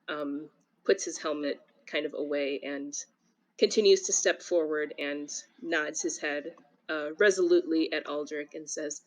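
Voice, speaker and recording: A woman playing a tabletop game, describing her character in a relaxed way with many ums. Her voice sits somewhat low. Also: moderate pace, poor audio. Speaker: player.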